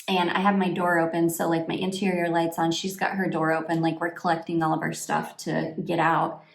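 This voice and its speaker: A woman in her forties chatting casually as she gets ready, her stories wandering with many fillers and restarts. Her voice sits fairly low for a woman. The room around her is roomy and echoey. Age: 40s. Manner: rambling, full of fillers and restarts. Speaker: vlogger. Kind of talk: casual chat while getting ready.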